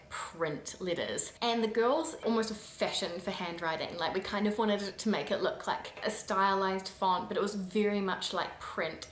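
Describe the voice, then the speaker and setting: A woman's voice: mid-range voice, echoey room. A woman from New Zealand with a New Zealand accent, hosting a casual vlog in a chatty, giggly way. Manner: chatty, giggly, acts out quotes. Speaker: vlogger host.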